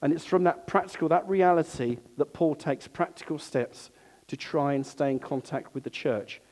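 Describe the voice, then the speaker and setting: A man's voice: a little high, normal speed, darkish tone. A man preaching a sermon to his congregation in an earnest, conversational way, with asides to the listeners.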